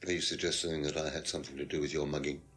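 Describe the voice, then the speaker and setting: A man's voice: rumbling low, level tone, rapid-fire, a bit bright, soft background music. An actor playing a smug, condescending male lecturer who is questioned as a suspect in a detective video game, pompous and dismissive. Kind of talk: FMV game acting.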